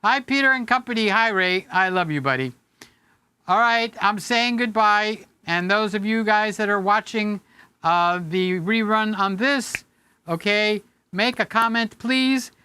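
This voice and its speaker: A man's voice: sits high, a little slow, pushed and bright, clear, resonant tone. A man hosting a casual live stream from a home studio room, rambling, joking and affectionate with his viewers.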